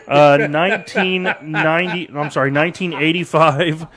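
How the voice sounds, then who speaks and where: A man's voice: on the high side, fairly even intonation, moderate pace, crowd noise. A man hosting a radio show, reading this-day-in-history facts in casual chat with a co-host, chuckling often. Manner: reads date facts with chuckles. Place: radio studio streamed live.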